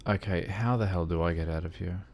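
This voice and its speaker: A man's voice: deep voice, a little fast, darkish tone, slight background noise. An Australian man chatting casually while livestreaming a driving game, joking, swearing and poking fun at himself. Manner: joking, swears freely, self-deprecating. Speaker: game streamer.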